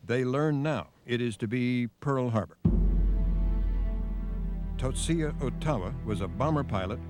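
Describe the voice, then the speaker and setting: A man narrating a television news documentary in a measured, grave scripted delivery. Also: mid-range voice, music in the background. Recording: faint noise on a VHS broadcast.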